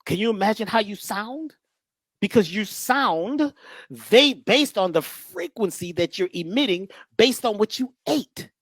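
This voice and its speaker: A man's voice: high voice, unhurried, no echo. Folksy joking guy telling stories, voice all over the place, dry close sound. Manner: lively, joking, preacherly, folksy. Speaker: guest speaker. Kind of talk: animated storytelling talk.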